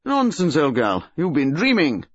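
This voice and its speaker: A reader voicing a grumbling, sleepy old English colonel who speaks gruffly and dismissively, in a dull lo-fi storybook recording. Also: medium pitch, wildly swooping pitch, moderate pace, no room sound.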